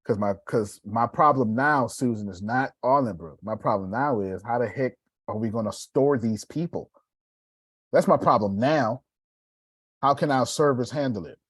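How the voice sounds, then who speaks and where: A man giving a casual, preacherly motivational talk on live video, swinging between loud bursts and hushed asides. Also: medium pitch, normal speed, husky, no echo.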